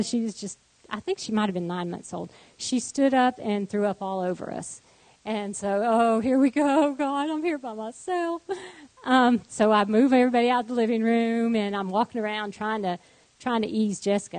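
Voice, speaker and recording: A woman sharing a personal faith testimony as a guest, telling her story in an animated way. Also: no room sound, low-quality recording. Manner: animated storytelling, voice rising high in acted quotes, laughing.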